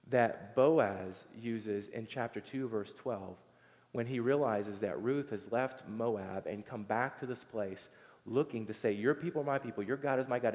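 A man's voice: medium pitch, darkish tone, muffled recording. A man in his thirties preaching a casual, conversational sermon, acting out voices from the story and talking with his congregation. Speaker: pastor. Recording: long hall reverb.

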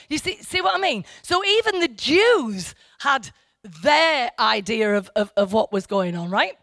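A woman's voice: fairly high pitch, very animated, a little slow, fairly bright tone, dry recording, clean studio sound. A middle-aged woman from England giving an informal, chatty Bible teaching that wanders off track and then presses hard on her key points. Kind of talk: informal Bible study talk.

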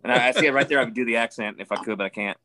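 A man's voice: mid-range voice, very fast, pushed and bright, a little hiss or hum. A man chatting casually, rambling with many restarts and fillers. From Ireland. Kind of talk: casual chat.

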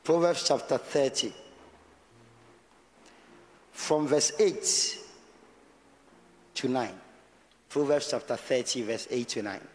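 A man's voice: a little high, in a large hall. A man with a Ghanaian accent preaching a sermon as pastor, talking conversationally and mixing Twi with English.

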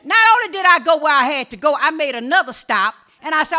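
A middle-aged woman pastor, preaching a sermon that moves between quiet storytelling and shouted exhortation. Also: high-pitched, animated, quick pace.

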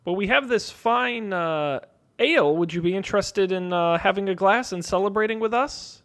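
A man playing a tabletop game, talking in character with an animated, smooth-talking manner. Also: high voice, normal speed. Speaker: player.

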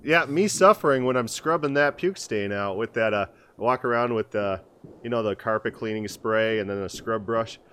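A man's voice: fairly low pitch, moderate pace, a bit bright, smooth. A middle-aged man co-hosting a podcast, talking casually and rambling through stories with restarts and acted-out quotes. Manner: rambling storyteller with many restarts, acts out voices in quotes. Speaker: podcast co-host. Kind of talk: casual conversational podcast chat.

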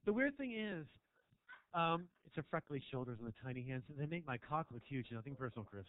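A man's voice: medium pitch, lively intonation, brisk, dry recording, narrow, tinny audio. A man doing a stand-up set in a small club, rambling provocatively and teasing the audience. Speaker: stand-up comedian. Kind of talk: stand-up set, crowd work. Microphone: handheld stage mic.

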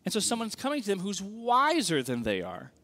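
A man preaching a sermon in a conversational, animated way, often checking in with the audience. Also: high voice, fairly quick. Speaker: pastor. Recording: long reverb of a large hall.

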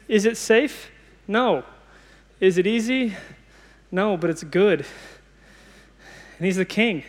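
Earnest man preaching in a reverberant hall. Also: high-pitched. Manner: earnest, conversational, with many restarts. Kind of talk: sermon.

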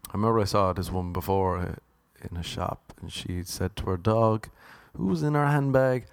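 A young man hosting his own podcast, telling rambling comic stories with deadpan asides. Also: on the low side, normal speed, creaky, clear, resonant tone, no room sound. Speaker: podcast host. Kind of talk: casual comedic monologue.

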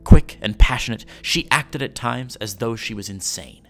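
A man hosting a podcast, reading an old newspaper story aloud in a measured storytelling way. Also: mid-range voice, a bit bright, faint music behind.

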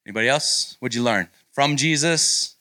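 Man, pastor, bright forceful voice, dry sound, hype-man energy, handheld mic. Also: mid-range voice, normal speed, no room sound. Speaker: guest pastor at a youth retreat. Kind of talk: sermon and leading audience sharing. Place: large meeting room with students. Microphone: handheld microphone.

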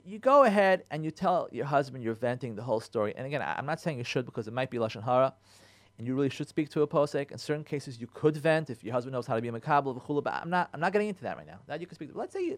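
A man, a rabbi, giving marriage advice on a radio show in an animated way, repeating phrases and mixing in Hebrew terms. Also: fairly high pitch. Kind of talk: radio talk. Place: radio studio.

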